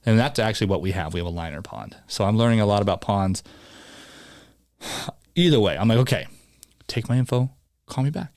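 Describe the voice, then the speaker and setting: A man hosting a podcast, chatting casually and telling an animated, rambling story. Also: lowish voice, brisk, no room sound, studio quality. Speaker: podcast host. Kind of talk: casual chat.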